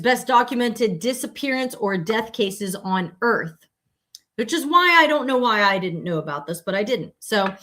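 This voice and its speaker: A woman's voice: medium pitch, fairly bright tone. Chatty woman podcast host. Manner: chatty and rambling, with many fillers and self-corrections. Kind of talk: casual live-stream podcast talk.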